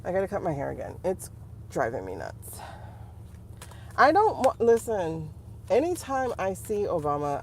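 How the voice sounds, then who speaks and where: A woman's voice: on the low side, normal speed, long pauses, slight background noise. A woman hosting a casual livestream as a tarot reader, chatting to her viewers and laughing often. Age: adult. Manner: chatty, animated, laughs often, talks to the chat.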